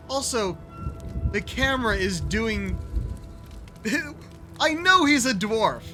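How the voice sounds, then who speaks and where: A man's voice: high-pitched, expressive, slow, pauses often. A man streaming a video game, musing and joking casually as he plays. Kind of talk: casual gaming commentary. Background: game music.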